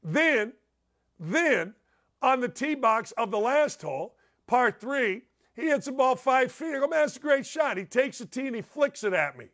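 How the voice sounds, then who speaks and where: A middle-aged man hosting a sports talk show, telling rambling, excitable stories and laughing at them. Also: extremely high pitch, normal speed. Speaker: sports radio host. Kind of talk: animated storytelling monologue.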